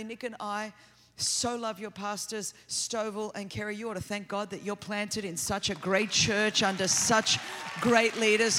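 Australian woman preacher, middle-aged, rapid nonstop sermon delivery, big church hall with long reverb. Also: mid-range voice, background noise. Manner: fast, energetic, continuous delivery. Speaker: guest preacher. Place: large church auditorium.

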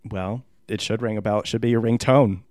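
A man with a lowish voice riffs through an album review with his co-host, quick to laugh and tease. The sound is close and dry, with no room around it. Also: steady tone, darkish tone, no echo. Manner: jokey, laughs often. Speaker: podcast co-host. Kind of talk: casual music review chat.

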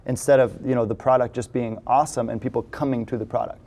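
A man hosting a casual interview, talking in a relaxed, rambling way with many fillers. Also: medium pitch, fast. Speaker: podcast host.

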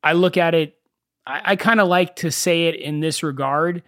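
A young man hosting a casual solo podcast, telling stories in an animated way and swearing freely. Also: fairly high pitch, normal speed, no echo, clean studio sound. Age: young adult. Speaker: podcast host.

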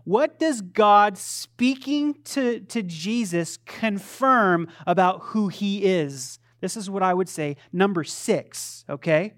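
Slow and with hardly any pauses, a pastor's high, slightly bright voice carries his sermon. He talks conversationally, pokes fun at himself, frequently restarts sentences, and puts questions to the congregation.

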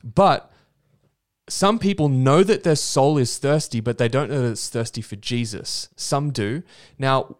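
A man's voice: medium pitch, unhurried. Earnest man sharing faith thoughts. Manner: earnest, preachy, fond of "you know" and "um". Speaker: podcast co-host. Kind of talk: casual faith discussion. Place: podcast studio.

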